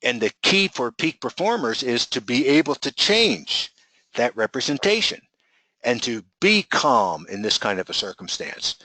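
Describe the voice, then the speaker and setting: A man leads a coaching webinar in a bright, forceful voice and keeps throwing rhetorical questions at his listeners. His sound is dry and close, with almost no room around it. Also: mid-range voice, a little slow, no echo, low-quality recording. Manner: energetic, rhetorical questions to the audience.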